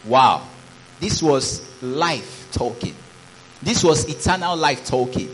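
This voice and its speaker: A man's voice: mid-range voice, animated, slow pace, slight background noise, rough recording. A man preaching a sermon as pastor, reading scripture aloud and calling out praises. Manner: preaching with rising exclamations, reads scripture aloud.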